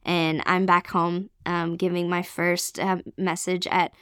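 A woman from Canada telling an emotional personal testimony as a podcast guest, earnest and excited. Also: on the low side, slow, clean tone, no echo, clean studio sound. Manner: earnest, excited storytelling with many fillers.

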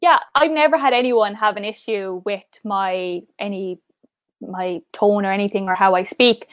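A young woman from Cork with an Irish accent, chatting fast in an interview as a guest and often saying "like". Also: mid-range voice, fairly even intonation, no room sound, studio quality. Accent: Irish, Cork mixed with Mayo. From Cork, Ireland. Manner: fast talker, says "like" often. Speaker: pageant finalist guest. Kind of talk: casual interview chat.

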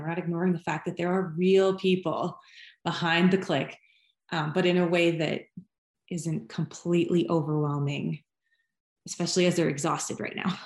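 A woman's voice: fairly low pitch, darkish tone. A woman, interviewing a guest in a rambling, searching way with lots of fillers. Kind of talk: casual interview conversation. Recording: roomy echo.

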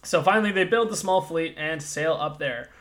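A man's voice: fairly high pitch, lively intonation, normal speed, fairly bright tone. A man recapping a fantasy campaign in casual chat, rambling, with many fillers and self-corrections. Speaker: game master recapping a campaign.

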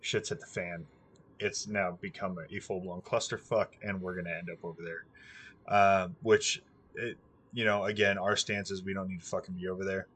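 A man's voice: sits low, fairly bright tone, breathy edge. A young man in casual chat, rambling and swearing freely, with plenty of ums. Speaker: podcast co-host.

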